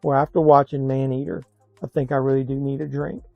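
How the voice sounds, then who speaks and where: A man's voice: mid-range voice, little pitch movement, a little fast, gravelly, highs cut off, slight background noise. A man giving a blunt, scathing movie review in a casual vlog, sounding exasperated.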